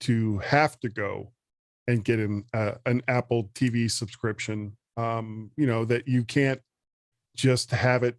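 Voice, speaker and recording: A man speaks casually on a podcast, easygoing and opinionated. His voice is mid-pitched, and the recording is dry and close. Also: steady tone, slow pace, no room sound. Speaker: podcast co-host.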